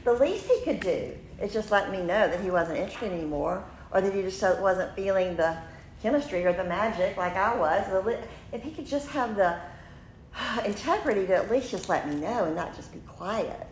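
A woman in her fifties tells a personal story with animated energy, breaking into laughs and acting out quotes. Her voice has a middling pitch. The recording sounds roomy, with a faint hiss underneath. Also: normal speed. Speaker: podcast host. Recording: roomy room with faint noise.

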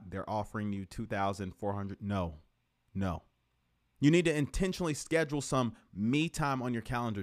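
A man hosting a podcast, giving an animated, profane, casual motivational talk full of repeated rhetorical questions. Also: high voice. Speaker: podcast host.

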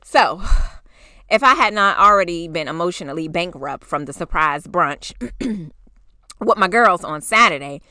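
Animated woman in her forties telling a story. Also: fairly low pitch, a little slow, no room sound, clean studio sound. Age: 40s. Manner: animated, swears freely, acts out quotes. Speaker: podcast host. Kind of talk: casual storytelling.

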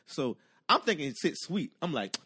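A man telling a long personal story in casual chat, animated and profane, acting out the voices of the people in it. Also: fairly high pitch, normal speed, slightly rough.

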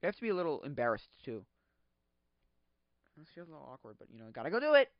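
Man, podcast host, casual rambling chat, lively swooping pitch, dry close mic. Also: fast talker, no echo. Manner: rambling, excitable, laughs often, acts out quotes. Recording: dull lo-fi sound.

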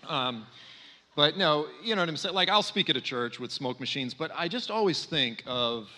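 A man's voice: a little high, moderate pace, slight background noise. Man preaching in a reverberant hall. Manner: conversational, animated, many fillers. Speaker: speaker at a church. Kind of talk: sermon talk.

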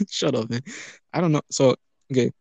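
A man's voice: mid-range voice, a little slow, vocal fry, warm tone, no echo. A young man in casual chat, rambling and stammering as he tells a story, swearing and laughing often. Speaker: friend telling a story.

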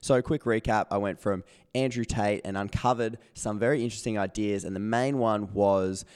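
Hoarse, lowish-voiced man, casual solo podcast host, joking at his own expense. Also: steady tone, normal speed, darkish tone. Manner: chatty, self-mocking and playful. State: hoarse, voice not working properly.

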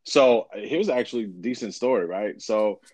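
A young man co-hosting a casual podcast, talking in a relaxed, rambling way with lots of fillers. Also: lowish voice, moderate pace, breathy edge, dry recording. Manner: laid-back, rambling with many fillers. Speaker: podcast co-host.

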